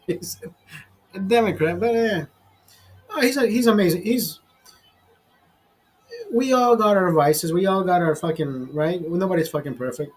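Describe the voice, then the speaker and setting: Husky, profane middle-aged man telling stories. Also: high-pitched, unhurried, long pauses, poor audio. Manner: profane, rambling, animated storyteller. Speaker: vlogger. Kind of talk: casual storytelling over a beer.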